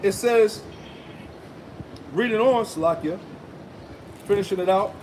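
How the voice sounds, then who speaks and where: Emphatic male street preacher, high pitch, outdoor traffic noise behind him. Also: moderate pace. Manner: emphatic, asks rhetorical "right?" and "man" often. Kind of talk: street sermon with scripture reading.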